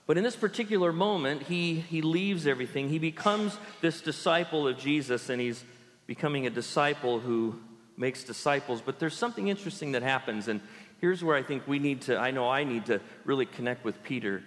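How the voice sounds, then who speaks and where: A pastor giving an animated sermon, often acting out the people he quotes. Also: mid-range voice, fairly quick, in a large hall. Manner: animated, acts out quoted voices in character.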